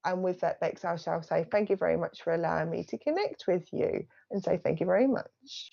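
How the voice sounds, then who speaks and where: A woman psychic medium giving a live reading in a soft, chatty way, often thanking the spirits aloud. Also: on the low side, expressive, brisk, creaky, few pauses, highs cut off.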